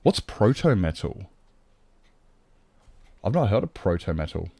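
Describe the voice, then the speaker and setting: Low-voiced Australian man chatting. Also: very animated, unhurried, gravelly, mellow, no echo. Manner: rambling, reads and answers chat. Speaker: streamer. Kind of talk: casual chat while playing a game.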